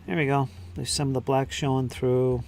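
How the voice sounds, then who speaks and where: A man's voice: mid-range voice, little pitch movement, moderate pace, creaky, darkish tone, a little hiss or hum. A man hosting a live stream, chatting casually and muttering to himself while he paints miniatures. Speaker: channel host painting miniatures.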